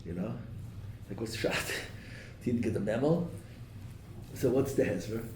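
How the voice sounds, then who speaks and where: A rabbi teaching a Torah class to a live room. He peppers his listeners with questions and sprinkles in Hebrew and Yiddish terms. His voice is dark and mellow, and it is caught from across an echoey room with a faint hum behind it. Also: mid-range voice, unhurried. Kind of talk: lively Torah class lecture. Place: classroom or study hall with a live audience. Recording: echoey room, mic at a distance.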